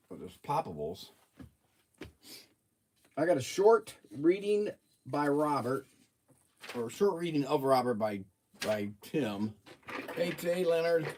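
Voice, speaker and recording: A man's voice: mid-range voice, noisy background. A man hosting a casual livestream, rambling and joking as he reads out viewer comments. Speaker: livestream host.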